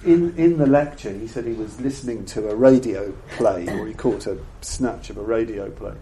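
An older man giving a reflective Buddhist dharma talk to an audience. He speaks in a halting, thoughtful way and often repeats words while he searches for the phrasing. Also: fairly low pitch, warm tone. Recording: roomy echo with faint background noise.

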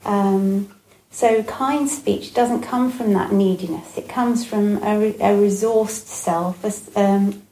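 A woman giving a Buddhist dharma talk, gentle and reflective, with frequent pauses and fillers. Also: medium pitch, steady tone. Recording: echoey room with faint ambience.

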